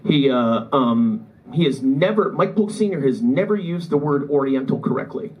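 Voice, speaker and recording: A man does stand-up at a comedy club for a live crowd, spinning rambling, self-deprecating tales in a Midwest American accent at medium pitch, moderate pace, and lively intonation. The live recording has heavy background noise, cut-off highs, and audience laughter.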